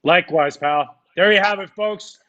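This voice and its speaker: A man's voice: high-pitched, normal speed, fairly bright tone, dull audio. A man hosting a casual interview chat over a video call, upbeat and effusive. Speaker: host.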